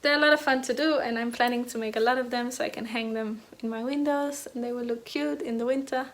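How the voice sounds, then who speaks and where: Young woman chatting about knitting at home, rambly, kinda high voice. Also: fairly even intonation, fast talker. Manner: chatty, rambling, many fillers and restarts. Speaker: knitting podcast host. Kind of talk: casual chat.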